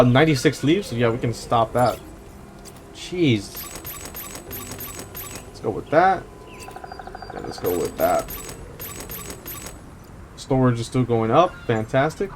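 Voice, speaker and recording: A man's voice: mid-range voice, a little hiss or hum. A young man hosting a let's play, rambling through casual jokey stories and swearing now and then between game moves. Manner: rambling, swears, joking anecdotes. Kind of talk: casual gameplay commentary.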